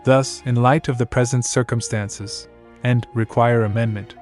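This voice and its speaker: A man's voice: mid-range voice, steady tone, unhurried, a little mellow, faint music behind, natural voice. A man reading as a fearful young princess. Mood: anxious. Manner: reads her lines plainly in his own voice.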